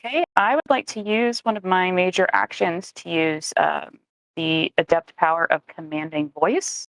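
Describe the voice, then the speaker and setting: Low-voiced woman at a tabletop game asking about rules, dry close sound. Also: steady tone, normal speed, no room sound. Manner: careful, asks rules questions. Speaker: player.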